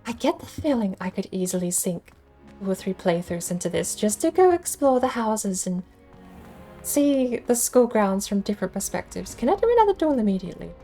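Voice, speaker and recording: A woman's voice: mid-range voice, big pitch swings, normal speed, mellow, faint music behind. A woman streamer casually talking through a video game, wry and self-mocking, thinking aloud. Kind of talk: casual gaming livestream commentary.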